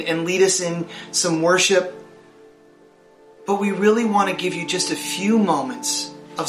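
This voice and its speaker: A man's voice: high-pitched, a bit bright, echoey room. An older man preaching a sermon as a pastor, earnest and searching, often repeating a word as he goes. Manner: earnest, repeats words as he speaks.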